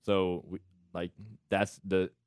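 Podcast co-host, man in his thirties, low and dry, laughs through his stories. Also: little pitch movement, takes it slowly, darkish tone, smooth, dry recording. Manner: joking, storytelling, laughing often. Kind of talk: casual chat.

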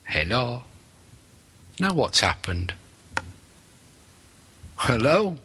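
A man's voice: medium pitch, big pitch swings, extremely slow, pushed and bright, slightly rough. A man from Wales, a guest on a radio show, chatting dryly and joking. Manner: dry, joking. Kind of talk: casual chat over a phone link.

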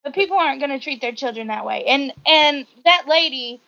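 High-voiced woman, animated podcast chat. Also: fairly quick, gravelly, dry recording. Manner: animated, indignant, rising sharply when making a point. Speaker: podcast co-host. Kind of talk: casual chat. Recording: dull lo-fi recording.

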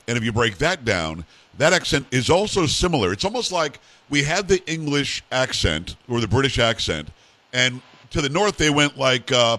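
A man hosts a talk show in a conversational, rambling way, teasing his guest now and then. His voice sits at an ordinary pitch and sounds close and dry, with no room sound around it. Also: fairly bright tone, dry recording. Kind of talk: casual interview chat.

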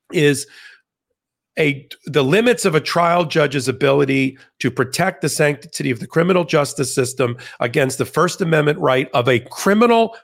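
Male legal pundit guest; animated, argumentative, quick restarts, somewhat raised pitch. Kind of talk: conversational interview.

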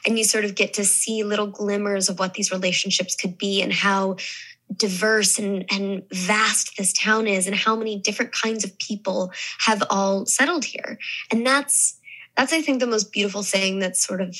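Bright-voiced young woman in an interview. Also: medium pitch, fairly even intonation, normal speed, rough recording. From American South. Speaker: actress guest. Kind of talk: casual interview talk.

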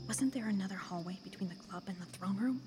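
An actress playing a blunt, profane young changeling who bargains with a fae ruler in an audio drama. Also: female voice, medium pitch, quick pace, in a large hall, over music, close to an everyday voice. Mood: defiant. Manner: blunt, sharp-tongued, profane.

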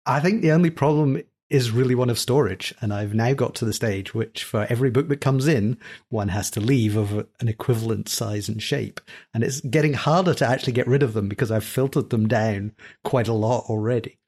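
A man in his fifties chatting on a podcast panel with dry, wry humor. His pitch sits in the middle, and he speaks in an easy conversational flow. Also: fairly quick, a little mellow. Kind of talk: casual chat.

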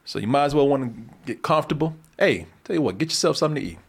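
A male host riffs through a comedic reaction chat, laughing often and slipping into mock-serious asides. His voice is high and very animated. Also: very fast, few pauses. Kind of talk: casual comedic reaction commentary.

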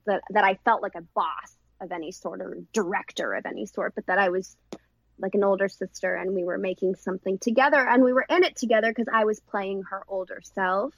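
A woman's voice: medium pitch, brisk, no echo, lo-fi sound. Rambling woman director in an interview. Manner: warm, rambling, lots of restarts. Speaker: film director and actress. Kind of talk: casual interview chat.

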